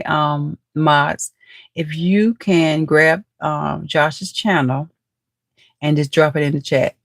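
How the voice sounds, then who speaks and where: Recorded cleanly in a studio with no echo, a low-voiced woman hosts a casual live chat. She's chatty and teasing, laughs often as she reads viewer comments, and calls people "nephew" and "baby."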